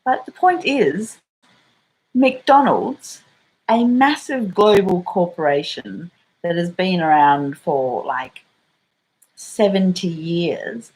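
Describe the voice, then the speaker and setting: A woman's voice: on the low side, animated, slow pace, a little mellow, poor audio. An Australian woman telling a story in a casual vlog, rambling and swearing and full of fillers. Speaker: vlogger.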